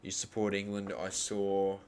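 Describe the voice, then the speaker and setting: Young Australian bloke, low voice, rambling live-stream host who bickers with chat. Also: male voice, monotone, a little slow, darkish tone, clear, resonant tone. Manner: rambling, argues with chat, crude. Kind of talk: live cricket reaction stream.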